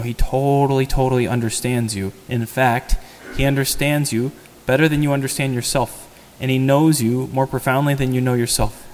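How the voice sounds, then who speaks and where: A man giving a homily as a priest, in a conversational sermon style that poses rhetorical questions to the congregation. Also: mid-range voice. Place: church. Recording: long church reverb.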